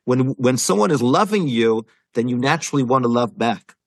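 Man with explaining torah, earnest, keeps rephrasing, husky, dry close sound. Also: mid-range voice, lively intonation, normal speed, no echo. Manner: earnest, repeats and rephrases, mixes Hebrew terms. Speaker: Torah teacher. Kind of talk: explaining a Jewish text to a listener.

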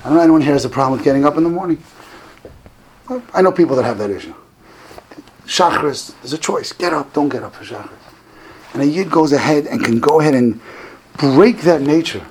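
A man giving a Hanukkah talk to a group, telling stories with animated delivery that climbs high and loud on quoted lines. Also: fairly quick, long pauses, a little hiss or hum, low-quality recording.

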